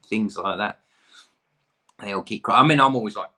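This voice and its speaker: A man's voice: sits low, steady tone, a little fast, bright, forceful tone. A man in his thirties from the UK, hosting a pub quiz with chatty, rambling, self-deprecating asides.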